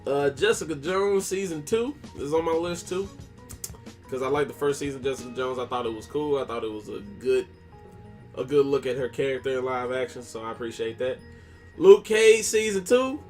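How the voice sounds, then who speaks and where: A man's voice: mid-range voice, lively intonation, moderate pace, faint music behind. A man co-hosting a podcast, chatting casually and profanely with slang about TV shows. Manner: profane, laid-back, slangy. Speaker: podcast co-host. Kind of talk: casual chat.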